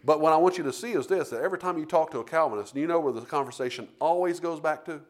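A man's voice: a little high, rapid-fire. A man preaching a sermon, rambling through restarts and then building to emphatic points.

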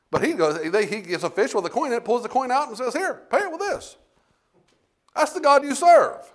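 A man preaching a sermon in a folksy, animated storytelling way, often asking the congregation "Amen?". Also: on the high side.

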